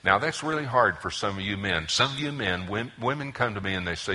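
A man preaching a sermon to his congregation as pastor, impassioned, swinging from loud emphasis to hushed whispers. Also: on the low side, a little fast, slightly rough. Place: church service before a congregation.

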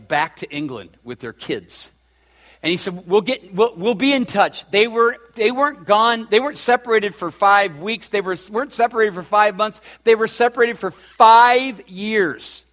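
A man preaching a sermon, swinging from loud, fervent peaks to a soft, emotional hush. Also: high voice. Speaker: pastor.

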